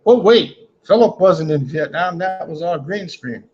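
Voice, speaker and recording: Brief: male livestream host, fairly high voice, joking and rambling, dull lo-fi audio with a faint hiss behind. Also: animated, unhurried. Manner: rambling, joking, often ends lines with "man". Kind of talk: casual livestream chat reading comments.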